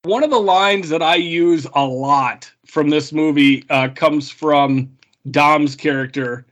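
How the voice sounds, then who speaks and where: An easygoing man on a podcast, chatting casually about a movie. His voice sits a little higher than most men's. He walks through scenes one beat at a time. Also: slow, a bit bright. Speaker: podcast co-host. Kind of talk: casual film chat.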